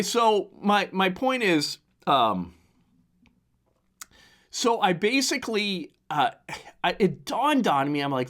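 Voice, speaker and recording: A man of fifty, hoarse from the flu, hosting a casual solo podcast monologue into a desk mic and rambling with many restarts. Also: on the high side, a bit bright. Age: 50s. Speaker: podcast host.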